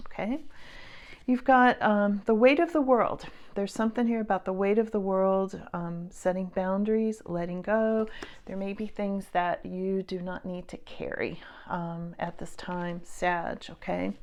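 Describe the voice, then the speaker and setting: A woman giving a casual tarot reading to camera, earnest and halting, with many fillers and frequent drops into hushed whispers. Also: mid-range voice. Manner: emotional, speaks of feeling things strongly. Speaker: psychic tarot reader.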